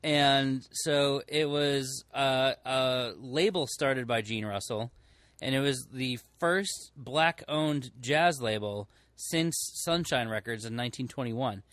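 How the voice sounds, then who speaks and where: Male record-store podcast co-host, mid-pitched, rambling casual delivery, dry sound. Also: slow pace, a bit bright, no room sound. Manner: rambling, self-correcting, many fillers. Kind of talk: casual chat.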